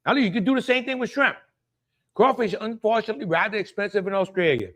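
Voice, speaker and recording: A man's voice: high-pitched, fast talker, fairly bright tone. A man with a Louisiana accent hosting a casual live cooking stream, chatty and exclamatory, greeting viewers by name and laughing often. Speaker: cooking show host.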